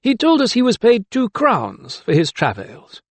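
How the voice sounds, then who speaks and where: A man voicing a sly older male magistrate who mocks with slow, relishing speech. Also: very high voice, wildly swooping pitch, no echo, pitched above the performer's own voice, heavily acted. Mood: smug. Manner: drawn-out, relishing delivery. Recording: dry close studio sound.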